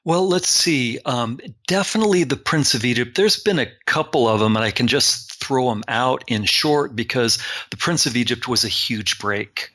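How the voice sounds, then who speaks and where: A middle-aged man, a guest artist, telling relaxed, self-deprecating stories in a casual interview. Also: medium pitch, moderate pace, hardly any pauses.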